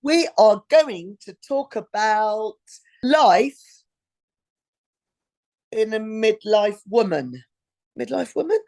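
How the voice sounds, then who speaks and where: A woman's voice: on the high side, expressive, slow, long pauses, darkish tone. A woman in her fifties co-hosting a podcast in casual chat, rambling and hunting for words with fillers. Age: 50s. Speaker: podcast co-host.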